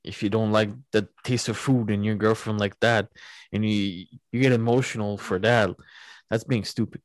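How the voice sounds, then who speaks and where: A man's voice: on the low side, steady tone, normal speed, no room sound. Man, casual podcast co-host, agreeable, close dry sound. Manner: agreeable, chiming in with short replies. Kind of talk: casual chat.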